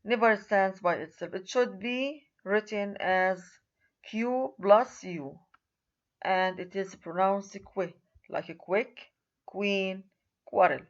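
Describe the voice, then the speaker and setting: A woman's voice: mid-range voice, slow, lo-fi sound. A woman lecturing on a recorded university writing lesson, who repeats key words and points at examples on screen.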